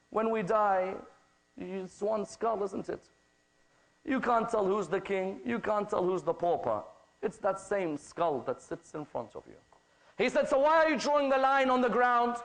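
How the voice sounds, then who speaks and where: A British man delivers a religious lecture in a high, clear voice. He tells stories and acts out the characters' lines. He keeps turning to the audience with rhetorical questions. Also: rough recording. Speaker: Islamic lecturer.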